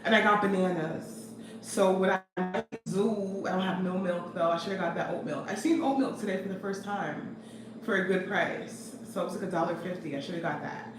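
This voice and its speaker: A young woman chatting casually in a vlog, animated and talkative, answering viewers' comments as she talks. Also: lowish voice, normal speed, over music. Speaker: vlogger. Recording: echoey room from a distance with noise.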